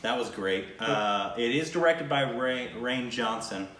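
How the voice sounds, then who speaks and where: A man hosting a reaction video, chatting casually and halting a lot as he searches for names. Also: mid-range voice, animated, a bit bright. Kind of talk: casual chat. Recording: echoey room with faint noise.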